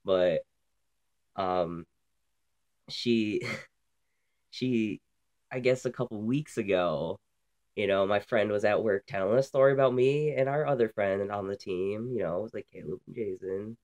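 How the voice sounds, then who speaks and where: A man's voice: on the low side, a little slow, pauses often, darkish tone. A young man from Canada, hosting a casual vlog while sick, talking bluntly and profanely with lots of ums. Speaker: vlog host.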